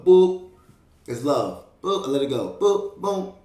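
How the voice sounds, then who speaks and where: A man's voice: a little high, quick pace, roomy sound. A young man telling a street story in a casual, profane, streetwise way, full of fillers and sound effects. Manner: streetwise, profane, animated, fillers like "you know what I mean".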